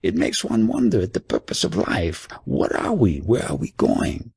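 A man's voice: deep voice, huge pitch swings, moderate pace, gravelly, a little mellow, slightly rough, exaggerated voice. A man voicing a scornful, narrow-minded tiny male creature who talks in a dismissive, indignant way, in an audiobook reading. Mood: musing.

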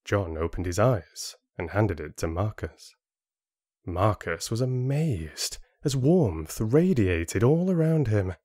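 A man reading an audiobook in a steady storytelling manner into a close studio mic. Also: lowish voice, slow pace, no echo. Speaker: audiobook narrator. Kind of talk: scripted audiobook narration.

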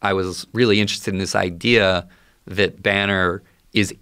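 A man, an actor, answering a question in a halting, thoughtful way. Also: deep voice, steady tone, sharp tone, clean tone, dry recording, studio quality. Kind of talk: interview answer.

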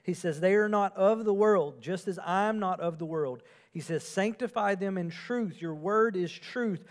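A man's voice: high voice, normal speed. Man preaching an earnest sermon. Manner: earnest preaching, swinging from emphatic to quiet. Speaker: pastor.

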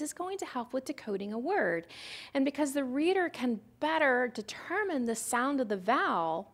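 Woman, patient lecture presenter, slightly high voice with a touch of gravel. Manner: patient, explains step by step with questions to the listener. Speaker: literacy presenter. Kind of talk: recorded teaching lecture.

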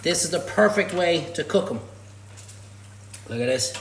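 Irish man, high-pitched voice, chef hosting a live cook-along, joking banter, very echoey kitchen. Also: expressive, measured pace, a little hiss or hum. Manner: jokey banter, reading out viewer comments. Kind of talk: live-streamed cooking demonstration. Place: home kitchen.

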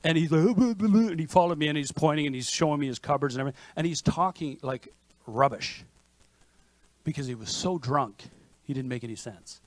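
A man preaching a sermon as pastor, in a lively conversational manner with frequent restarts. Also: medium pitch, a little fast, no room sound. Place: church sanctuary.

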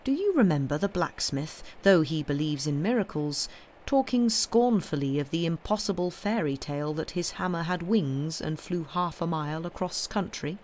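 A woman reading the part of a mild, cheerful male priest detective who speaks quietly and pleasantly. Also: sits low, lively intonation, moderate pace, slight background noise. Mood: calm.

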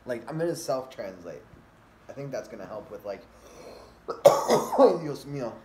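A man's voice: lowish voice, expressive, normal speed, darkish tone, a little hiss or hum. A man vlogging casually, rambling with many fillers and restarts. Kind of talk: casual rambling vlog talk. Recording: echoey room with faint ambience.

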